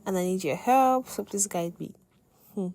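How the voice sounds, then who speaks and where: A young woman hosting a podcast, telling a personal faith testimony in an expressive way, with sudden exclamations. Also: mid-range voice, moderate pace, no echo. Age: young adult. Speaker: podcast host.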